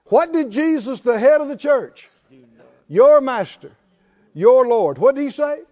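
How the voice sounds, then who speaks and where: A man preaches a sermon built on rhetorical questions and joking asides, calling on the congregation to answer back. His voice is extremely high, animated and unhurried with a darkish tone, captured in a dull lo-fi recording.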